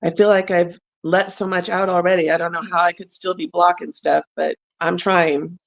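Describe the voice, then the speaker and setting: Middle-aged woman caller, low creaky voice. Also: flat delivery, moderate pace, lo-fi sound. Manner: tearful, laughs nervously. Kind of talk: phone-in conversation.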